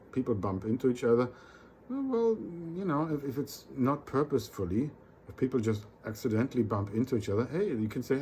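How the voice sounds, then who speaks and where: A man's voice: medium pitch, mellow, a little hiss or hum. A man vlogging in a casual rambling monologue, often repeating words and restarting, acting out little quoted exchanges.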